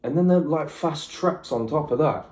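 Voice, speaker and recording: A young British man doing a casual, excitable music reaction, chatty and slangy, with the odd swear. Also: a little high, normal speed, echoey room. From United Kingdom.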